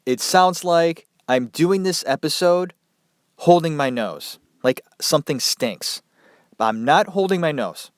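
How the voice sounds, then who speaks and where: A man's voice: a little high, lively intonation, measured pace, no echo, studio quality. Stuffy, nasal man with a cold. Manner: loose and profane, chatty asides. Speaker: podcast host. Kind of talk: casual podcast storytelling.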